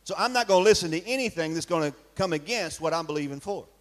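A man's voice: a little high, expressive, fast. A man preaching a sermon in a church, emphatic and firing rhetorical questions at his congregation. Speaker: pastor.

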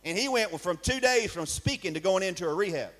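A man's voice: high-pitched, lively intonation, a little fast, a bit bright. A man preaching a sermon in a church, emphatic and firing rhetorical questions at his congregation. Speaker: pastor.

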